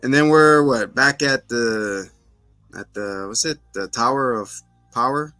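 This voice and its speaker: Man, casual co-host, bright forceful tone, dry close sound, faint music behind. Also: medium pitch, a little slow, no room sound. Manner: laughing, animated retelling with quoted voices. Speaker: podcast co-host. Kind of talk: casual chat recapping a TV show.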